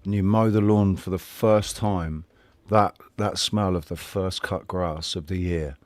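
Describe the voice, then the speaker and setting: A male stream host with a lowish voice chats loosely, repeating phrases and dropping casual swear words. The sound is dry and close. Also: steady tone, measured pace, no room sound. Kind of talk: casual chat on a live stream.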